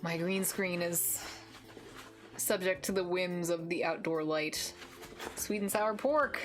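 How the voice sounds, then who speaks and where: A woman's voice: on the low side, slow pace, music in the background. A young adult woman streaming from home, chatting casually with her viewers in a teasing, giggly way and swearing casually. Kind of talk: casual live-stream chat. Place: home with green screen.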